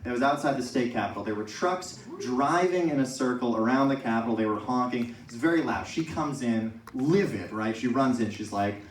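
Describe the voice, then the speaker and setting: A young adult man does a stand-up set, animatedly telling stories and doing exaggerated impressions of his professors. His medium-pitched voice is animated and a little fast, with few pauses. The recording comes from far off in an echoey room.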